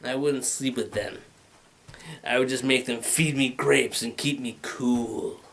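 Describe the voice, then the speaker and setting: Medium-pitched and steady, with a creaky, somewhat bright quality, this thirty-something man moves at a measured pace through a rambling, crude stand-up set. He speaks into a handheld mic and swings widely when imitating voices.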